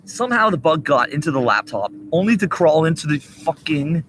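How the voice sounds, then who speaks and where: A man's voice: on the high side, sing-song, fairly quick, background noise. A young man ranting profanely into a laptop webcam during a rambling livestream, agitated and cursing. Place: indoors at a laptop. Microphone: laptop webcam mic.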